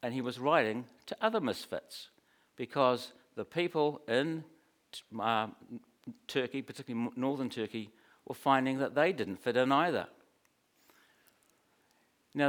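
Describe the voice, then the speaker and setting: A man's voice: mid-range voice, moderate pace. A man preaching a sermon in a conversational, storytelling way, with humorous asides.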